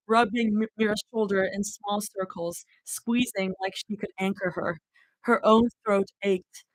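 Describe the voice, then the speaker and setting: A woman reading fanfiction aloud in an expressive, heartfelt live reading. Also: mid-range voice, a little slow, no echo, poor audio. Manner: expressive reading with emotional reactions. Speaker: fanfiction reader.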